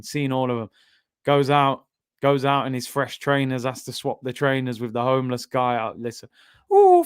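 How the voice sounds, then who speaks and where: A young man hosting a live football watchalong, bantering with chat and reacting loudly to the game. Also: mid-range voice, clean tone, no room sound, clean studio sound. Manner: banter-heavy, erupts into shouting at goals. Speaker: watchalong host.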